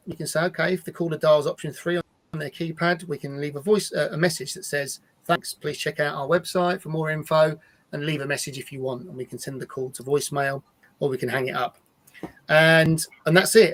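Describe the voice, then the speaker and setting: A man with a fairly high-pitched voice presents a live-streamed software demo in a casual way, repeating words as he restarts sentences.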